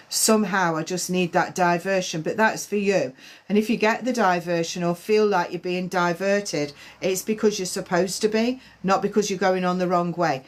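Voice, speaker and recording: A woman medium giving live-stream spiritual readings, talking in a halting way with many fillers and restarts. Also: medium pitch.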